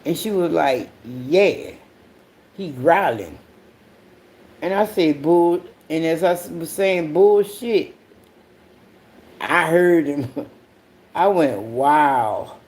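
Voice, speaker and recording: Slow, mellow-voiced profane storyteller. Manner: profane, blunt, with sudden high-pitched outbursts; laughs through the telling. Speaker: podcast host. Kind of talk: casual storytelling monologue.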